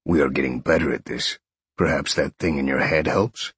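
A man's voice: a bass voice, normal speed, a bit bright, breathy edge, no room sound, voice pushed down, exaggerated voice. A man voicing a restless male lion spirit inside a young man, eager and pleading, in audiobook narration.

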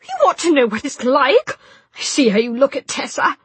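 A woman reading an audiobook, voicing a distraught, dramatic young woman with a breathy voice. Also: big pitch swings, moderate pace, no echo. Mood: shrill bitter. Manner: shrill, tearful outbursts. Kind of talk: audiobook character voice.

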